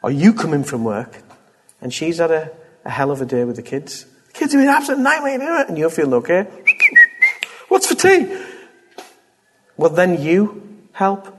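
A man delivers a sermon in a husky, slightly high voice, pressing his points home through fervent repetition. His words ring out with the long reverb of a large hall. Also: normal speed, darkish tone. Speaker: preacher.

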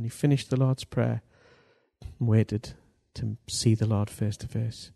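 A man preaching a sermon, swinging between hushed lines and loud, drawn-out bursts for emphasis. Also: medium pitch, little pitch movement, gravelly.

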